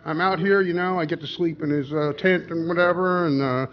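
A man's voice: on the high side, fairly even intonation, brisk, lo-fi sound, a little hiss or hum, pitched above the performer's own voice, close to an everyday voice. A man voicing a contented male talking dog in a told joke, chatty and cheerful.

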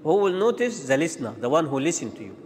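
A man's voice: on the high side, very animated, a little mellow. Man teaching in an echoing hall. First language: Arabic. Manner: demonstrates sounds, repeats and contrasts letters, halting. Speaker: tajweed teacher. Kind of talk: Quran pronunciation lesson. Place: large mosque hall. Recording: long reverb of a large hall.

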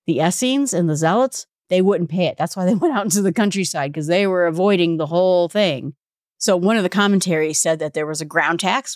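A woman's voice: lowish voice, a little mellow, no echo, studio quality. A woman hosting a Bible study podcast, teaching conversationally, reading scripture aloud and asking rhetorical questions.

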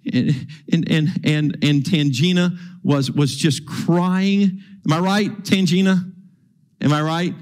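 A man preaching a sermon in a church, animated and repeating himself as he acts out quotes. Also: on the high side, slow pace. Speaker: pastor. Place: church sanctuary.

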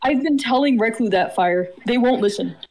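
A woman's voice: fairly high pitch, animated, normal speed, a little mellow, poor audio. A woman chatting as a co-streamer, dry and sarcastic, swearing casually. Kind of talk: casual game stream chat.

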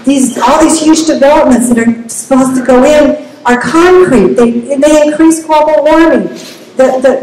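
A woman's voice: sits high, darkish tone. Impassioned woman in echoey meeting room. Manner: impassioned, halting with repeated words. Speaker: public commenter. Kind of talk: public comment at community meeting. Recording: echoey room, faint ambient noise.

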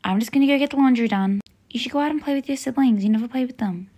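A woman playing a croaky, strict old grandma. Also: fairly high pitch, natural voice. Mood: scolding. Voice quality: croaky, breathy. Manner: soft, slow and scolding. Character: elderly strict bossy grandmother. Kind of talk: voiced toy-game role-play.

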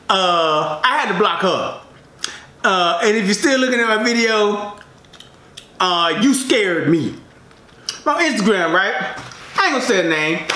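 A man tells a story to camera in a lively, sing-song way, his pitch leaping around as he laughs through it. His voice is bright and forward. The room around him is echoey. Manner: animated, laughs often, drawling asides. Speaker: mukbang vlogger. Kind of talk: casual storytelling to camera while eating.

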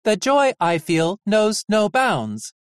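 A narrator voicing a deadpan, sadistic female nurse robot in an audiobook, speaking slowly and dryly. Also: medium pitch, no echo, clean studio sound, pitched above the performer's own voice. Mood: sarcastic. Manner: slow, flat, dryly sarcastic. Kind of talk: audiobook character voice.

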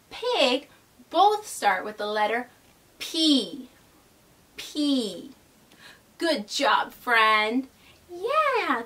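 A young woman hosting a toddler learning video, talking in a slow, exaggerated, sing-song way. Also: high-pitched, a bit bright, distant mic. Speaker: children's educational host. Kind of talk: teaching toddlers.

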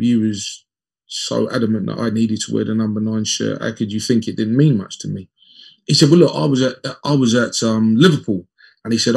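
A man in his fifties, a former footballer, telling lively anecdotes as an interview guest and acting out the dialogue. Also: mid-range voice, vocal fry, slightly rough. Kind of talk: conversational storytelling in an interview.

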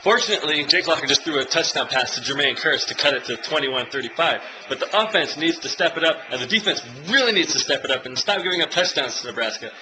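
A young man filming himself at home as he watches a football game, chatting and cheering loudly. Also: on the high side, lively intonation, fast, few pauses. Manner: swings from quiet chat to loud cheering shouts. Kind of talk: casual vlog, reacting to live football. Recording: noisy home video recording.

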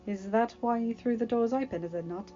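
A wry, gently teasing guard captain gives fatherly advice, as a woman reader puts him on. The voice is mellow and unhurried. It sounds like a dull lo-fi recording with faint music behind. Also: on the high side, natural voice. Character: adult man, a teasing, fatherly palace captain.

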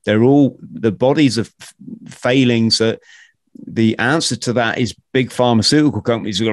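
A man's voice: mid-range voice, moderate pace, dry recording. Ranting man, dry close sound. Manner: animated, ranting, swears casually. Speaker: podcast host. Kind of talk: casual conversational podcast.

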